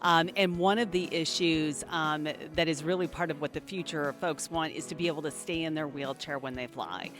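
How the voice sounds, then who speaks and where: A representative of an advocacy organization giving measured, explanatory interview remarks. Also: medium pitch, over music.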